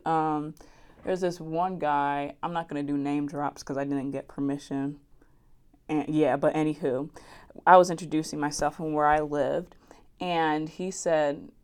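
On her own podcast, a young New Jersey woman chats and rambles alone, giggling often. Her voice is low with a darkish tone.

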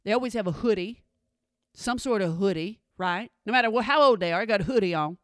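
A woman's voice: medium pitch, expressive, quick pace, no echo. A woman doing stand-up comedy, sassy, with dry asides. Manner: sassy, dry asides, drops into mimicked voices.

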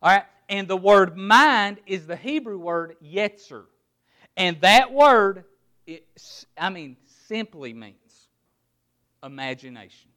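High-voiced man preaching a sermon. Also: expressive, slow pace, sharp tone. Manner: emphatic preaching, word-by-word emphasis, rhetorical questions. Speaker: pastor.

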